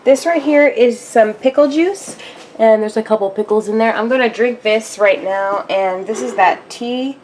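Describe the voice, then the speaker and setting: A chatty young woman vlogging her day in a slightly high voice. She talks casually and keeps turning to her viewers as "you guys.". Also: moderate pace, a little mellow, slight background noise. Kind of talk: casual chat.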